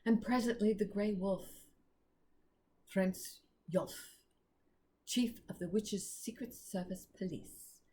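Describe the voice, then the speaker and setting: A woman reading a children's book chapter aloud in a measured way. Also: mid-range voice, warm tone, a little hiss or hum. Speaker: storyteller.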